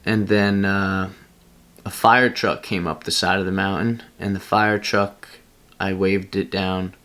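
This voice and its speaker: Young male vlogger, deep voice, casual rambling storyteller who laughs at himself. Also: little pitch movement, a little slow, a bit bright. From Pennsylvania.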